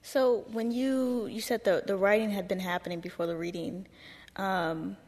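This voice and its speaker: A woman interviewing an author on stage, asking halting questions that she rephrases mid-sentence. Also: medium pitch, fairly even intonation, darkish tone. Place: hall with a live audience. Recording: long reverb in a large hall.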